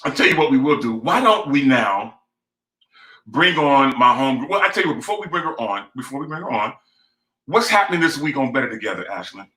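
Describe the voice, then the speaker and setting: A man's voice: medium pitch, very animated, fairly quick, pushed and bright, echoey room, rough recording. A man hosting a live online talk show, speaking in an emphatic, rhythmic, preacher-like way. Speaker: host.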